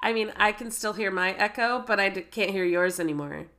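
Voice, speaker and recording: A woman's voice: mid-range voice, bright, forceful tone. A woman co-hosting a podcast in casual chat, nasal and stuffed up from a head cold, rambling and stumbling over her words over a remote call. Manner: unhurried, rambling, self-interrupting. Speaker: podcast co-host.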